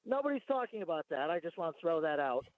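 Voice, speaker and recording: High-voiced male caller on a tinny phone line. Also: very animated, fast, no room sound. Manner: rambling, argumentative, reads from notes. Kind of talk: phoned-in talk radio call.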